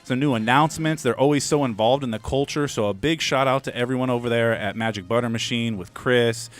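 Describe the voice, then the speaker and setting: A man's voice: medium pitch, brisk. Loose, joking male radio host. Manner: loose, joking, swears freely. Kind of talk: casual radio news banter.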